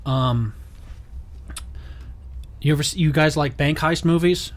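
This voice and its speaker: Man, comedy podcast host, laid-back and profane, lightly raised pitch. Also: slow. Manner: laid-back, swearing, leads the bits. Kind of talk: casual comedy podcast banter.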